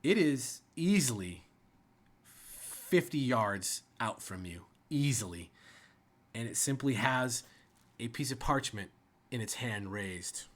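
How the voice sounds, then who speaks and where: A man narrating as game master of a tabletop game, slow and descriptive. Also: medium pitch, lively intonation.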